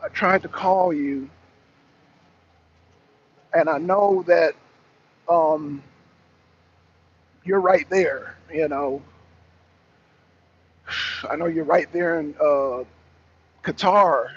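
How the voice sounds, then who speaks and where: A man's voice: a little high, drawn-out words, long pauses, slightly rough. A man, hosting a casual live-stream talk and chatting loosely with his viewers. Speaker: talk show host. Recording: dull lo-fi stream with faint noise.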